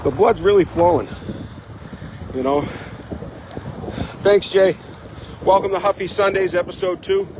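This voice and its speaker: A man's voice: high voice, a little slow, pauses often. A man live-streaming a casual ride on a bike path outdoors, rambling and chatty, a bit out of breath, with wind buffeting the phone mic. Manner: rambling, chatty, fills with "you know". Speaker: vlog host. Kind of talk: live-streamed casual chat while biking. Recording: heavy wind noise on the mic.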